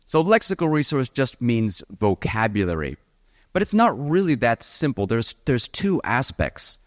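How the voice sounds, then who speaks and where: A man teaching a live seminar on the speaking exam, lively and encouraging, talking straight to his audience. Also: mid-range voice, measured pace, dry recording, clean studio sound. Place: event hall with audience.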